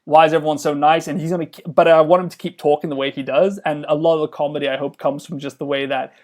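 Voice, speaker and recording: Rambling man, fairly high voice. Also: little pitch movement, fast talker, a little mellow. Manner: rambling, many fillers and restarts. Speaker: game developer guest. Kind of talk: casual podcast conversation.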